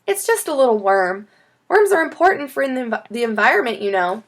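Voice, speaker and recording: A woman's voice: a little high, expressive, a little fast. A woman voicing a cheerful, patient schoolteacher giving instructions to her class in a storybook reading. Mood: instructive.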